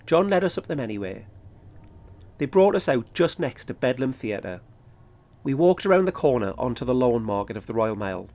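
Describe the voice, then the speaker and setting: A man, calmly narrating his own trip in a scripted podcast. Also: medium pitch, normal speed. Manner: steady, matter-of-fact storytelling. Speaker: podcast host. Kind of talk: scripted first-person narration.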